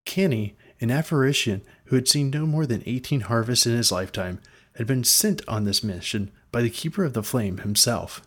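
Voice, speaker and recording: A man's voice: mid-range voice, expressive, normal speed, fairly bright tone, breathy edge. A man reading a fantasy story aloud in a dry, wry storytelling manner. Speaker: narrator. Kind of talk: scripted fantasy narration.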